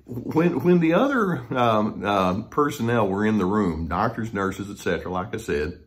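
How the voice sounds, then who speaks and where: Man in his 60s, lowish voice, therapist recounting a memory, gentle, hesitant, reflective monologue. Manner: gentle, unhurried, frequent hesitations.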